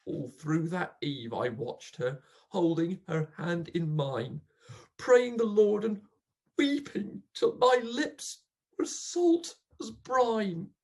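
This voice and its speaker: A reader performing a dramatic poetry recitation as a grief-stricken old male pauper, bitter and accusing, swinging melodramatically from hushed to loud. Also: medium pitch, slow. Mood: grieving.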